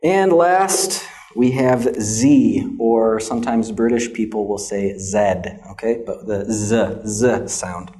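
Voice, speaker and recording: Slow, mellow-voiced American man teaching pronunciation. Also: fairly low pitch. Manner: patient, checks in with frequent "okay?". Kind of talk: classroom pronunciation lesson.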